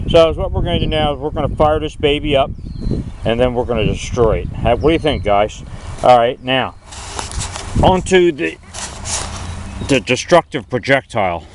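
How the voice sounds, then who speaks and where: Middle-aged guy doing a jokey folksy outdoor vlog, voice all over the place, loud wind on the mic. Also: medium pitch. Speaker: video host. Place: outdoors in a windy rural yard.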